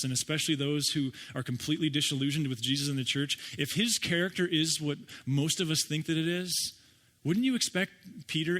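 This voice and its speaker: Man, pastor, sermon, chatty, rhetorical questions, fairly high voice. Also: fairly bright tone. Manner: conversational, asks the audience rhetorical questions.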